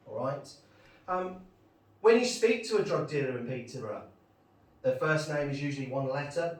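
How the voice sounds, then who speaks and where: A man's voice: on the high side, animated, moderate pace. A middle-aged man performing a chatty stand-up set in a pub, bantering with the crowd. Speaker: stand-up comedian. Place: pub gig room. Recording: echoey pub room, distant mic.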